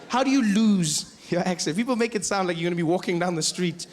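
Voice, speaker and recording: Man, South African accent, stand-up comedian, animated storytelling, high voice, faint hum behind. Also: quick pace. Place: live comedy venue.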